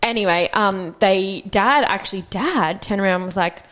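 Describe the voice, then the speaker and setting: A woman's voice: mid-range voice, normal speed, fairly bright tone. A young woman co-hosting a podcast, telling rambling stories in a laid-back, casual way. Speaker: podcast co-host. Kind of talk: casual chat.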